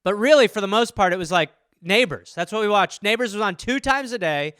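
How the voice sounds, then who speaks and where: A man hosting a comedy podcast in casual, rambling riffs, with lots of "like" and loose swearing. His voice sits high and bright, with a smooth, crisp tone. The sound is close and dry, recorded on a studio mic. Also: lively intonation, brisk, no echo. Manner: rambling, full of "like" and restarts, swearing freely.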